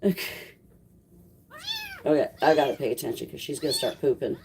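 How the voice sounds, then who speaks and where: A middle-aged woman with a low, gravelly voice talks slowly but with lots of swing in her pitch, chatting sarcastically on a home livestream. Faint noise and kitten sounds sit behind her. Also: animated, dark tone. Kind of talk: casual livestream chat with viewers.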